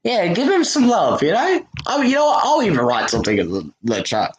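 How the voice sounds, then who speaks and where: A man's voice: high-pitched, huge pitch swings, fairly quick, rough recording. A man hosting a casual livestream, talking earnestly and reassuringly to his viewers with lots of "you know" fillers. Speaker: livestream host.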